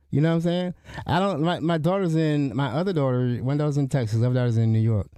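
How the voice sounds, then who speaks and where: A man's voice: medium pitch, animated, rapid-fire, mellow, no room sound, studio quality. A middle-aged man hosting a podcast, talking in a rambling, indignant way with frequent restarts. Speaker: podcast host. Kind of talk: casual spoken commentary.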